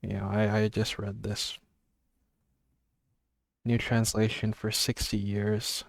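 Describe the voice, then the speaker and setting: A man's voice: lowish voice, completely flat delivery, slow pace, gravelly, dry recording. A young man reading book blurbs aloud in a casual vlog, with offhand jokey asides and stumbles over words. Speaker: book vlogger.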